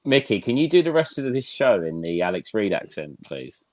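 A man in casual football chat, deadpan and weary in his jokes. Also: on the low side, moderate pace, no echo. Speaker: podcast co-host.

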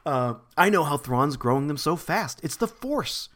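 A man's voice: a little high, big pitch swings, moderate pace, a bit bright. A man reading aloud the lines of an earnest young rebel leader woman from a novel. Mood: urgent. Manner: plain read-aloud from a novel.

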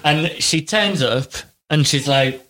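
A man's voice: on the high side, slow pace. Rambling man telling a story. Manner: rambling, animated retelling with put-on quotes. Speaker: podcast co-host. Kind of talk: casual chat.

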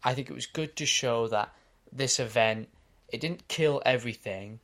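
An Australian man co-hosting a casual podcast, recapping episodes in a quick, animated way. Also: mid-range voice. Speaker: podcast co-host.

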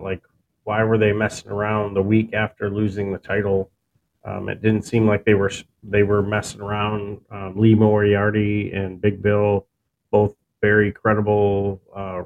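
A man co-hosting a casual wrestling podcast, talking in a relaxed, rambling way with many fillers and restarts. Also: lowish voice. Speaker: podcast co-host. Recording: dull lo-fi sound with faint noise.

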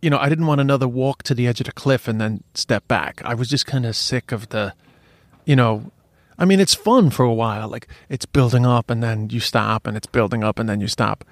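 A man chatting on a podcast, blunt and sweary, tripping over his words as he restarts sentences. His voice sits at an ordinary pitch, recorded close and dry with no room sound. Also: a little fast, dry recording. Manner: frank, sweary, many restarts. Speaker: podcast co-host. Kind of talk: casual chat.

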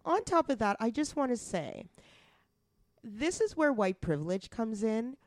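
A woman from Canada co-hosting a podcast, chatting in a blunt, outspoken and animated way. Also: a little high, measured pace, dry recording, studio quality. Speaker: podcast co-host. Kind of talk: casual chat.

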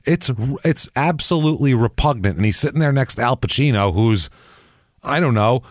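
Male co-host, swinging expressive pitch, angry profane riffing, close dry mic. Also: brisk, dry recording. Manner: ranting, profane, animated, mimics accents. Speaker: podcast co-host. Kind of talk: casual movie-riffing chat.

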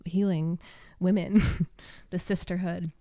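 A woman guest on a podcast, telling a story in a casual, rambling way with many "likes" and "ums" and soft laughs. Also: fairly low pitch, flat delivery, slow. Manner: rambling, heavy use of "like" and "um". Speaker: podcast guest, yoga teacher.

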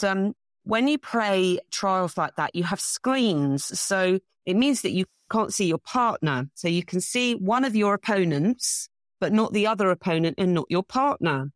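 English lady chatting about bridge, low-ish voice, self-deprecating storyteller, dry mic. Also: no room sound. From England. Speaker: bridge champion guest. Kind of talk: casual interview.

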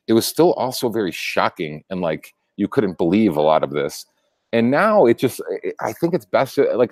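Animated, swearing man, dry close sound. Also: fairly low pitch, no room sound. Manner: animated, laughing, frequent restarts and swearing. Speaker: show host. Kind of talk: casual political chat.

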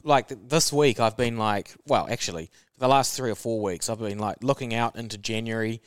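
A man's voice: mid-range voice, brisk, clean tone, no echo, studio quality. A man with a New Zealand accent in a casual podcast chat, explaining ideas in an easygoing, step-by-step way. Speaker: podcast co-host.

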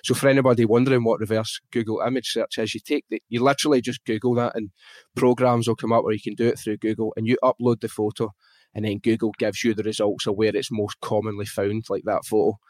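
A man's voice: on the low side, fast talker, dry recording. A man with a Glaswegian Scottish accent, speaking frankly and with feeling as he tells a personal story in casual conversation, swearing now and then. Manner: animated, frank, swears freely. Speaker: guest on a podcast.

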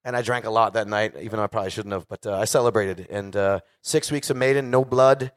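Low-voiced man telling a candid story. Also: fast, no room sound, clean studio sound. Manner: profane, candid, animated storyteller. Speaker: guest singer. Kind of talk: casual storytelling before a live audience.

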